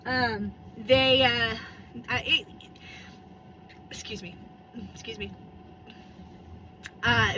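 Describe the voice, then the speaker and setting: A woman's voice: on the high side, pushed and bright, slight background noise, poor audio. A woman in her thirties chatting casually and rambling while she vlogs from her car on a phone camera. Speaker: vlogger. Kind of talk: casual driving vlog chat. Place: in a parked car.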